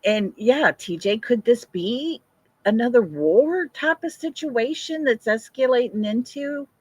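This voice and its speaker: A woman's voice: a little high, lively intonation, a little slow, slightly rough, no echo. An older woman hosting a casual livestream, chatting, answering viewer comments and laughing often. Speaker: livestream host.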